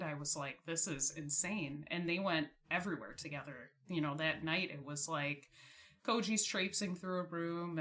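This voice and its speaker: A woman's voice: lowish voice, pushed and bright. A young woman in her twenties telling a story about her dogs in a casual, chatty way, often laughing and saying "like". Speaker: podcast guest.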